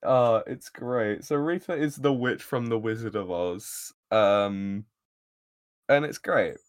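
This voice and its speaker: A man's voice: on the low side, takes it slowly, clean tone. A man in casual podcast chat, recapping an episode with frequent laughs, filler words and swearing. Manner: giggly, rambling, swears freely.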